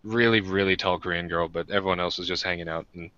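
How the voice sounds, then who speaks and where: A man's voice: sits low, fairly even intonation, fast, sharp tone, no room sound, dull audio. An American man co-hosting a podcast, telling rambling, self-deprecating stories in casual chat with many restarts. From United States. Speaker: podcast co-host.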